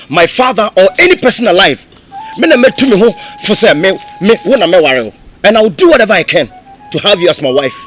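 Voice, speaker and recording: An earnest young royal, pleading and insistent as he moves between Twi and English. His voice sits high for a man and swings widely. The tone is bright and forceful. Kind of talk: film drama acting.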